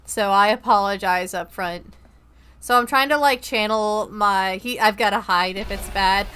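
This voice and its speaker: A woman's voice: mid-range voice, unhurried, pushed and bright, a little hiss or hum. A young woman streaming a horror game, chatting casually with viewers in a rambling, profane way. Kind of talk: casual gaming-stream chat.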